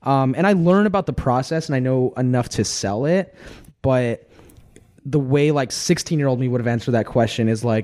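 Young man, casual podcast chat, talkative, middle pitch. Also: expressive, brisk, a little mellow. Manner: chatty, peppers speech with "like". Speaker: content team member.

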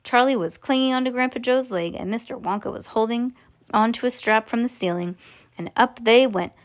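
Woman, slightly high voice, relaxed storybook read-aloud, casual and stumbly. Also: a little fast. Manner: relaxed, stumbling over words, chatty asides. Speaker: reader to children.

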